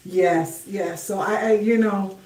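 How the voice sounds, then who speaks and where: A middle-aged woman chats easily with her livestream viewers while she does her hair. She speaks to them directly and warmly brings in her faith. Her voice sits at an ordinary middle pitch and is caught from a distance in an echoey room. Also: fairly even intonation, takes it slowly. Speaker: livestream host. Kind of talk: casual livestream chat while styling hair. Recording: roomy echo, voice off-mic.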